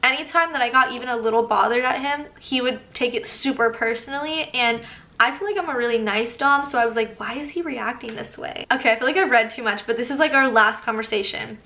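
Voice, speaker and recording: A young woman vlogger chats through a casual storytime, bright and a little high, laughing as she reads old messages aloud. The room around her is echoey. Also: fast. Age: young adult. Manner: chatty, reads texts aloud with laughing asides.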